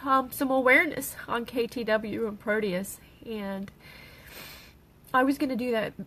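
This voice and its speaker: Tearful middle-aged woman, fairly high voice, halting speech, personal livestream. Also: fairly even intonation, a bit bright, poor audio. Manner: halting, with pauses and restarts. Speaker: grieving mother sharing her daughter's story.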